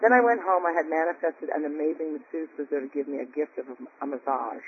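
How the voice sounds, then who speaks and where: A man's voice: a little high, fast, slight background noise. Gushing man on a tinny phone line. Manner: enthusiastic, gushing and emphatic. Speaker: group call participant. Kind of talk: check-in on a group call.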